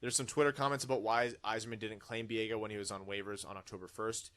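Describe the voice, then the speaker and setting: His voice fairly low, steady and fairly bright, a man moves at a quick pace through listener comments on his casual podcast. He's chatty throughout, acting out each comment in a theatrical put-on voice.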